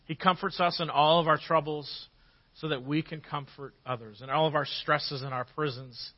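Pastor preaching, slightly high voice. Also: male voice, moderate pace, muffled recording. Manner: storytelling with lively acted quotes. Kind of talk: sermon.

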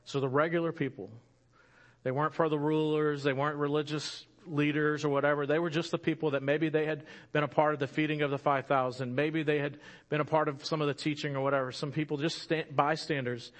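Preaching with a storyteller's energy, this man has a slightly high voice; he swells in volume for emphasis, then slows and quiets down when it matters most.

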